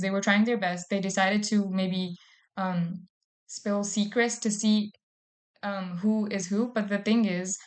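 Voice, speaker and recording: A woman retelling a devotional story in a casual, chatty way, with plenty of fillers. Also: medium pitch. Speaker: devotee speaker.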